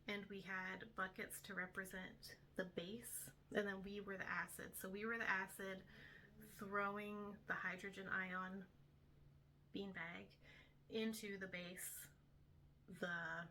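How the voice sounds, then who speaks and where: A woman's voice: mid-range voice, fairly bright tone, slight background noise. A young woman, a homeschool tutor, casually explaining her week's lessons step by step with frequent ums. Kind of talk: casual instructional talk to camera.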